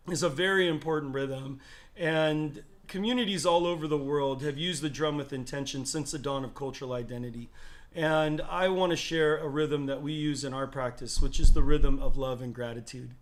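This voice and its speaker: Earnest man guiding a group. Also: a little high. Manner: earnest, invites participation, speaks directly to listeners. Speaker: drumming wellness facilitator. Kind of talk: motivational talk to an online audience.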